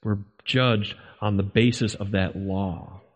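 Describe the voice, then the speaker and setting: A man's voice: on the low side, fairly even intonation, slow pace. A man preaching a sermon in a church, dramatic and emphatic, pressing his congregation with rhetorical questions. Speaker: pastor. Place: church sanctuary. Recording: long reverb of a church hall.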